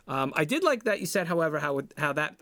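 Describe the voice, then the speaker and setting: A man co-hosting a podcast, talking in an animated, rambling way and saying "man" often. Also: on the high side, fast, no room sound, studio quality. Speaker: podcast co-host. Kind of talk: casual chat.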